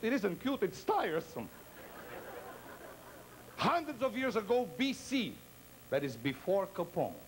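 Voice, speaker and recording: A man's voice: high-pitched, slight background noise, low-quality recording. A man performing a stand-up comedy routine, talking in a theatrical, playful way and teasing the audience.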